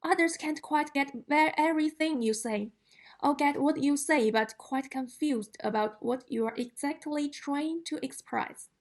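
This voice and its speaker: A woman's voice: sits high, unhurried. A woman whose first language is Chinese, teaching a language lesson, explaining carefully and demonstrating tones aloud.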